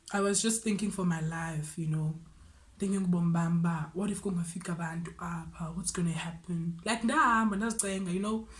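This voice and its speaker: Young woman, Xhosa South African accent, casual storytime vlogger, animated. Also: lowish voice. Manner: switches between English and Xhosa, animated retelling. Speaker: vlogger telling a personal story.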